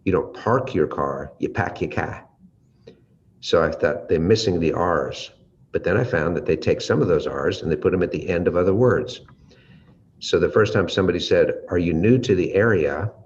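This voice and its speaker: American guy teaching about voice, really low pitch, kinda muffled audio with faint background hum. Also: a little mellow. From United States. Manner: varies volume and pace to demonstrate, drawn-out pauses. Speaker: leadership trainer. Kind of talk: teaching talk with vocal demonstrations. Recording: slightly dull audio with faint ambient noise.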